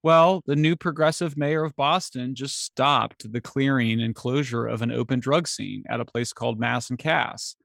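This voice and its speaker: Gravelly man, animated interview guest. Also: medium pitch, normal speed, few pauses, no room sound, clean studio sound. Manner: animated, voice jumps up when exasperated. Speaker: guest author. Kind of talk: casual interview conversation.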